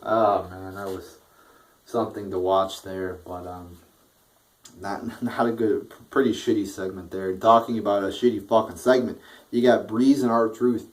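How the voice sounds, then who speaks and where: A man's voice: on the low side, steady tone, a little slow, low-quality recording. A man giving a casual, profane review, blunt and rambling, with a bored, dismissive tone. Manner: blunt, crude, rambling with frequent swearing. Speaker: wrestling show reviewer.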